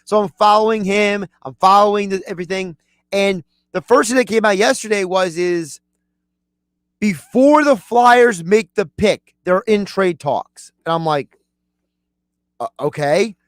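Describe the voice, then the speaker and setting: A man co-hosting a sports radio show in a studio, talking fast and with strong opinions. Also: high voice, smooth, no room sound. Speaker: radio producer and co-host. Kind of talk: casual sports radio chat.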